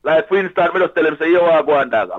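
A man with a Jamaican accent, boasting in lively patois as a sound system guest in casual radio chat. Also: on the high side, quick pace. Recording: tinny phone-line audio.

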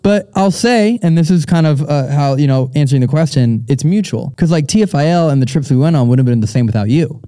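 A man's voice: a little high, fast talker, few pauses, no room sound. A young man hosting a live audience Q&A, talking casually and rambling with frequent fillers and restarts. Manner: relaxed and rambling, many fillers and restarts, laughs often. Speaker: show host. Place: stage at a live audience event.

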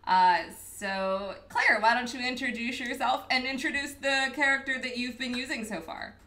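A woman's voice: a little high, normal speed, noisy background. Bubbly woman hosting a stream. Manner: bubbly, laughs often. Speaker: host. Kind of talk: casual chat on a livestream.

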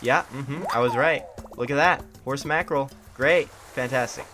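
A man's voice: mid-range voice, normal speed, bright, forceful tone. A tired young man streaming a game, grumbling in sarcastic mock indifference. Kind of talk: casual live-stream gameplay commentary. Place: hot room at home. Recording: noisy home stream recording.

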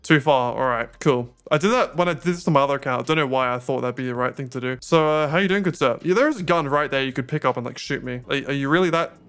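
A man's voice: mid-range voice, quick pace, hardly any pauses, a bit bright, clear, resonant tone. A young man giving sarcastic gameplay commentary and talking back to game characters. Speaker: gaming YouTuber.

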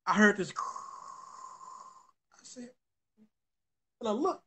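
A young man's voice is high-pitched, sharp, and breathy as he tells his viewers a story, very animated and drawing out his words. The vlogger rambles and swears, restarting his sentences often.

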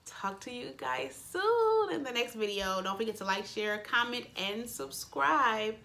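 A woman with a bright, fairly high voice chats to her camera in her bedroom, excitable and gushing. She talks loosely to her viewers and calls them y'all. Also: unhurried, vocal fry. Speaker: beauty vlogger. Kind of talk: casual unboxing chat.

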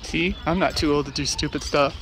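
A man's voice: a little high, fairly even intonation, a little fast, fairly bright tone, slight background noise. A middle-aged man vlogging on a hike, joking and teasing himself in a playful, casual way. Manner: joking, self-mocking, playful. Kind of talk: casual vlog chat. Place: outdoors at a state park.

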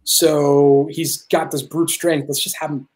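A man talking as a guest filmmaker in a casual interview, excited and rambling, swearing freely as he tells stories. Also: on the high side, measured pace.

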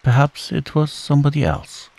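A man's voice: fairly high pitch, lively intonation, normal speed, gravelly, darkish tone, pitched above the performer's own voice. A man voicing a small, good-natured toy bear who talks in a puzzled, earnest way in a storybook reading.

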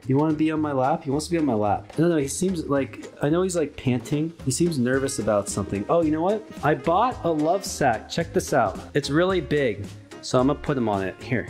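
A man's voice: medium pitch, animated, fast, a little mellow, faint music behind. A man casually chatting through a cooking vlog in his home kitchen, rambling in a goofy, offhand way. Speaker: cooking vlogger.

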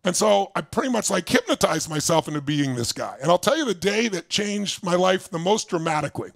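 An older man giving a motivational stage talk, telling his story with intensity, jumping between loud bursts and quiet asides. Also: sits high, expressive, brisk, creaky, no room sound. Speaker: motivational speaker.

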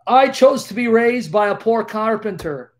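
A man preaching on a live stream, emphatic, with rhetorical questions, swinging from loud declarations to hushed tones. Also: high-pitched, animated, moderate pace.

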